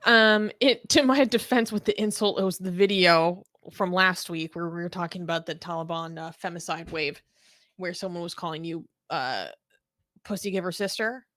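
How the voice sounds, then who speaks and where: Low-voiced woman reading viewer messages. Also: moderate pace, a bit bright, no room sound, clean studio sound. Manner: conversational, reads viewer messages. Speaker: co-host reading super chats. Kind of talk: casual live-stream discussion.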